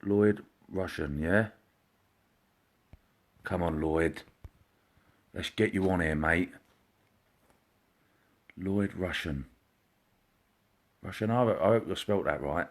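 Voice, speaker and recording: A man, a psychic medium, hosting a casual live stream, chatty and greeting viewers by name, sometimes dropping into a quiet murmur. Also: low voice, slow pace, pauses often. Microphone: computer or phone mic, live stream.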